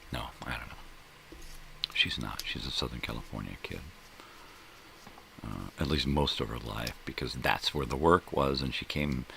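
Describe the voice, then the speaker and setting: A middle-aged man rambles slowly through casual morning talk, tossing in jokes and curses. His voice sits extremely deep and gravelly. It still carries a bright, forward edge. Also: slight background noise. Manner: rambling, joking, profane, trails off searching for names. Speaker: host. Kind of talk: casual solo livestream chat.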